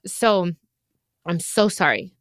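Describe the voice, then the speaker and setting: A woman's voice: on the low side, very animated, takes it slowly, dry recording, clean studio sound. A woman hosting an advice podcast, talking earnestly and with emotion to listeners. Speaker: podcast host giving advice. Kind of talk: heartfelt advice chat.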